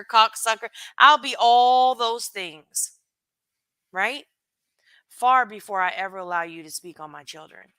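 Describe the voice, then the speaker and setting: A woman's voice: mid-range voice, pushed and bright, clear, resonant tone, no room sound. A woman live streaming, blunt and profane, chatting casually and greeting her chat by name.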